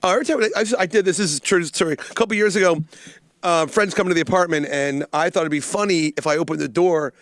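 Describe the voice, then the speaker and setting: A man's voice: fairly high pitch, fast, a bit bright, no room sound, studio quality. A man with a Baltimore accent, a comedian guest rambling through crude stories on a podcast. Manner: rambling storyteller, crude jokes. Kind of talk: casual comedic podcast banter.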